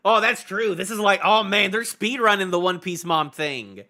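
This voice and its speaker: A young man reacts live on a stream, laughing often and repeating himself. His voice is high and lively, and the swings in pitch are wide. The tone is bright and sharp. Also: normal speed, few pauses. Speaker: manga review streamer. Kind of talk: live casual reaction chat.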